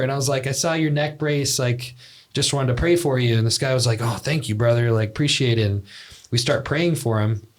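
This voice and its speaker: A man's voice: medium pitch, fairly quick. A young man co-hosting a podcast, telling a story in a loose, rambling way with lots of fillers. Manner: rambling, filler-heavy, laughs at own story. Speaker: podcast co-host. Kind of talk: casual storytelling chat.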